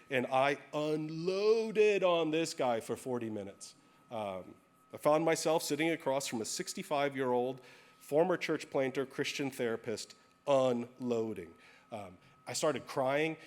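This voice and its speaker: A man's voice: medium pitch, normal speed. A male pastor preaching a sermon, telling a personal story in a candid, self-deprecating way.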